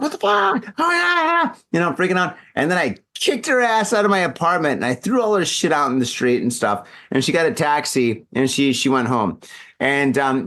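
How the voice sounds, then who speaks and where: A man's voice: medium pitch, a bit bright. A man hosting a podcast, drunk and telling a rambling, profane story in casual chat. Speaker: podcast host. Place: in Japan.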